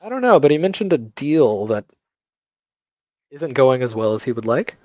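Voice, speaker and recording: A man's voice: medium pitch, big pitch swings, normal speed, a little mellow, no room sound. A man playing in a tabletop game, given to dry, wry remarks. His voice comes through a dull, lo-fi mic in a dead, dry space. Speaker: player.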